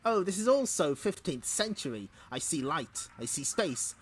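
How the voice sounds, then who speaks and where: A man's voice: a little high, big pitch swings, normal speed, husky. A man voicing a fussy, flamboyant male interior designer with a gushing, affected manner.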